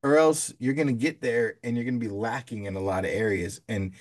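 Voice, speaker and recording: A man's voice: mid-range voice, fairly even intonation, a little fast. A man in his usual middle register, co-hosting a laid-back podcast. He builds his points through long everyday comparisons, keeps the tone loose and conversational, and often circles back with a casual "right?". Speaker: podcast co-host.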